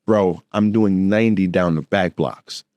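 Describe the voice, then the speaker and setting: A man co-hosting a podcast, telling a story in a lively, laughing way and acting out the voices in it. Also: deep voice, measured pace, no room sound, dull audio. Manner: animated, laughing, acts out voices in his story. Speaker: podcast co-host. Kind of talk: casual storytelling chat.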